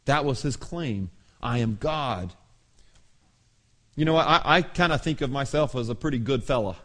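A middle-aged male pastor preaching a sermon, telling the story with dramatic pauses and laughter. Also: medium pitch, lively intonation, fairly bright tone.

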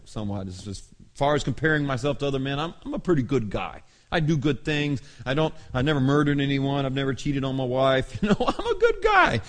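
A middle-aged male pastor preaching a sermon, telling the story with dramatic pauses and laughter. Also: medium pitch.

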